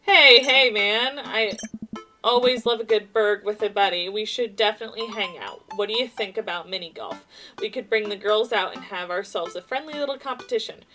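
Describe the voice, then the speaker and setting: A woman's voice: mid-range voice, moderate pace, close to an everyday voice, low-quality recording. A woman voicing a laid-back, friendly dad with a casual bro-ish manner, game music behind. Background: soft game music.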